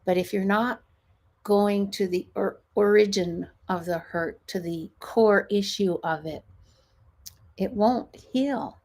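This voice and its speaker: A woman host and coach speaks slowly and calmly, unhurried in her pacing. She explains points patiently and often checks in with her listener, her pitch at an ordinary middle level. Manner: calm, explanatory, ends points with "right?". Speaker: podcast host, stress management coach. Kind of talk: coaching talk.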